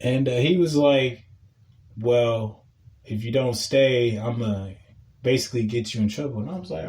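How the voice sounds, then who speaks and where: A man hosting a podcast, telling a casual story in a profane, animated way and breaking into loud shouting. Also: mid-range voice, brisk. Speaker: podcast host.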